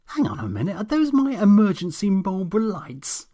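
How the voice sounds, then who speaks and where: A man's voice: high voice, big pitch swings, moderate pace, dark tone, voice pushed up. A man voicing an exasperated, contemptuous young woman who swears in disbelief.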